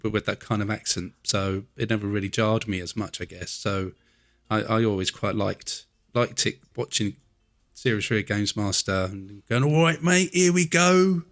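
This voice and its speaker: A man's voice: fairly low pitch, little pitch movement, normal speed, gravelly, a bit bright, no room sound, studio quality. A man from Essex with a southern English accent, hosting a podcast in casual chat and encouraging his guest with plenty of yeahs. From Essex, England. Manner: affable, encouraging, frequent yeahs and laughs. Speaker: podcast host.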